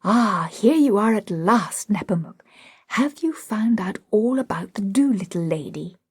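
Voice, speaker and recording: A woman's voice: mid-range voice, expressive, a little slow, slightly rough, no room sound, clean studio sound. Woman reading a gushing society hostess. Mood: effusive. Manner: effusive and exclaiming. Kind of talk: audiobook drama reading.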